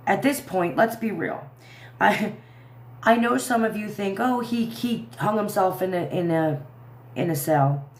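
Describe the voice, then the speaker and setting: A woman's voice: medium pitch, a little slow, echoey room, slight background noise. A woman in her thirties hosting a casual livestream, talking to her viewers in an indignant, rambling way. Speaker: livestream commentary host.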